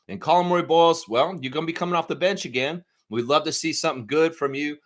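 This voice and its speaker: A man's voice: on the high side, quick pace, fairly bright tone. A man hosting a live fan preview show, talking in a heated, profane ranting way. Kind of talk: live sports preview chat.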